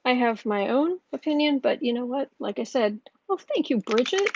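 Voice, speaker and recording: A woman hosting a tarot livestream in casual chat, thinking aloud slowly with many fillers and restarts. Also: high-pitched, animated, dull audio, background noise.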